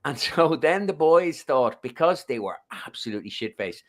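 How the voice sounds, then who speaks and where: A man's voice: fairly high pitch, very animated, moderate pace. Rambling man telling golf anecdotes. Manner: rambling, anecdotal, self-correcting. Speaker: golf podcast panelist. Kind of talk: casual panel chat.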